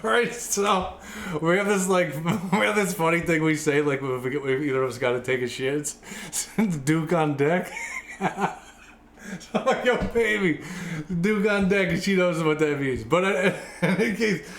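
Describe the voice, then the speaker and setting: A man's voice: on the high side, normal speed, a bit bright, slight background noise. A young man on a podcast telling crude stories in casual chat, laughing through them and rambling with lots of fillers. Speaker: podcast co-host. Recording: echoey room.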